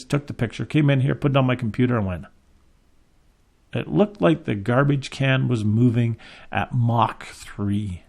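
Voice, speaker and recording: A man's voice: medium pitch, creaky, darkish tone. A man running a photography business, telling a story as a lesson and acting out the quotes with big jumps in his voice. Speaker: photography shop owner and teacher.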